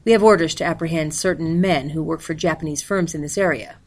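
A woman's voice: sits low, fast talker. A woman voicing a stern male federal agent who speaks briefly and officially. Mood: curt.

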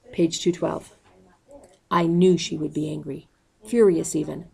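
Low, gravelly woman reading a story. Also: low-quality recording. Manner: calm, even reading that calls out page numbers. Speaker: audiobook reader. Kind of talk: reading a novel aloud.

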